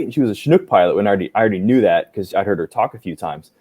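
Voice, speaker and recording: Mellow low-voiced man telling army stories. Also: very fast, slightly rough. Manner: animated, acts out quoted dialogue, many fillers. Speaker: podcast guest, army aviator. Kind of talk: casual storytelling interview.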